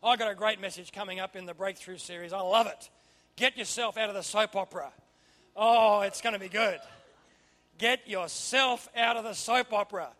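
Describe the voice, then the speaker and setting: A man preaching a sermon, swinging from quiet asides to loud emphatic bursts. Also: sits high, brisk. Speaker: pastor.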